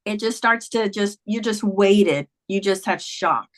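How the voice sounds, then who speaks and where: A woman's voice: mid-range voice, measured pace. Woman in her 50s on a podcast, earnest and emotional, keeps saying "like" while she tells her story. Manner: earnest, emotional retelling with many "like"s. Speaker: podcast guest, author. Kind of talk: personal storytelling in a conversation.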